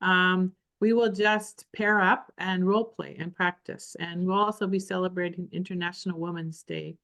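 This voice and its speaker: A woman organizing a group meeting, giving announcements haltingly with many pauses and ums. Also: fairly low pitch, fairly even intonation, fairly bright tone.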